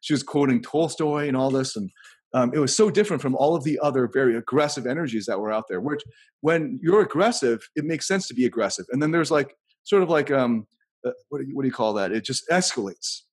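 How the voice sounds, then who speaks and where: A man's voice: medium pitch, expressive, fast, husky. A man hosting a casual podcast conversation, rambling and thinking aloud as he tells anecdotes.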